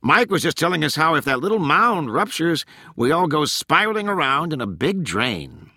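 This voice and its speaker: A jokey, sarcastic scientist who can't resist a quip, as a man puts him on. The voice sits noticeably higher than the narration, with a bright, edgy timbre and dry, close sound. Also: very animated, no echo, exaggerated voice. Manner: sarcastic, quick quips. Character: wisecracking sarcastic male scientist.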